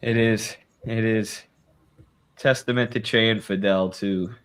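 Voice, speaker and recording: A man co-hosting a podcast, chatting casually and profanely about politics, rambling and quick to laugh. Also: fairly low pitch, steady tone, clean tone. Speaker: podcast co-host.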